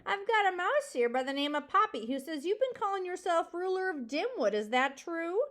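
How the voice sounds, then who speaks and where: A woman's voice: very high-pitched, sing-song, normal speed, a bit bright, voice pushed up, exaggerated voice. A woman voicing a blunt, scornful male porcupine who snorts and brushes off fears. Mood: scolding. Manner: snorting, dismissive, teasing.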